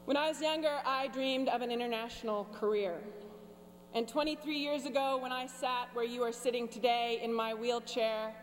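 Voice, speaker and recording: A woman in her forties giving a commencement speech from a podium, with wry, sarcastic humor and deadpan asides. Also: on the high side, normal speed. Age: 40s. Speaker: commencement speaker. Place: large graduation ceremony venue. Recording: long hall reverb with faint hum.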